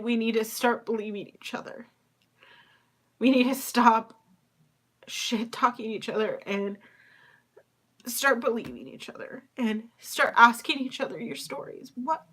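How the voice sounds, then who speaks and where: A young woman hosting her own podcast, speaking in a confessional, halting way, tearful with a cracking voice. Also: a little high, a bit bright. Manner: emotional, halting, confiding. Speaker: podcast host.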